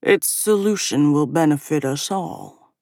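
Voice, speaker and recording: A woman's voice: sits low, a little slow, mellow, no room sound, studio quality. A woman voicing an ancient male ruler of a council who speaks in a formal, commanding way. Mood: stern.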